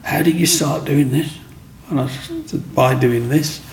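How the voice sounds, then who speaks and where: A man's voice: medium pitch, unhurried, darkish tone, slight background noise. A middle-aged man, telling his own story in an interview and acting out what other people said.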